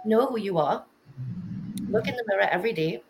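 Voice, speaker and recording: A woman's voice: mid-range voice, animated, a little fast, gravelly, slight background noise, low-quality recording. A woman who is a guest author on a casual interview, speaking in an earnest, motivational way with some nervous restarts.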